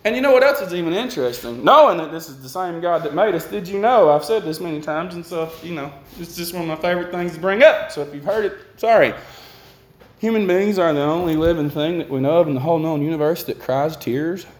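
A man's voice: fairly high pitch, fast, roomy sound, a little hiss or hum. A man preaching a conversational sermon and putting questions to his listeners.

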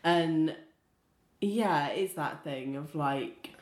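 A lower-pitched woman talking slowly and thoughtfully in a casual podcast chat, her speech full of "like" and fillers. The recording has an echoey room sound. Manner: slow, reflective, uses many fillers like "like". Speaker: podcast co-host.

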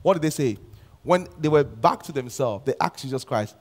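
A man's voice: mid-range voice, expressive, darkish tone. A man preaching a sermon, reading scripture and pressing his point with emphatic repetition. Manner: emphatic, repeats key lines, slows down to stress scripture.

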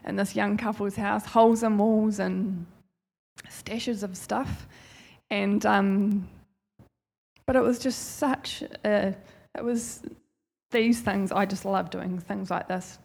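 A church speaker gives an informal sermon testimony, heartfelt, chatty, and rambling. She has a medium-pitched, creaky voice with a darkish tone.

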